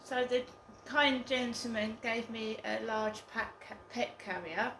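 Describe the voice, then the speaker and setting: A woman's voice: fairly high pitch, steady tone, sharp tone, echoey room, slight background noise, poor audio. A woman telling a story in a casual vlog, hesitant and full of ums. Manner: slow, hesitant, with many ums. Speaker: vlogger.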